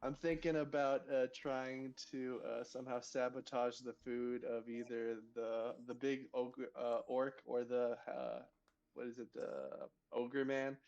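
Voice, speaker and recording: A man's voice: medium pitch, flat delivery, measured pace, vocal fry, a little mellow, lo-fi sound. A man playing a tabletop game, thinking aloud with hesitant restarts. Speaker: player.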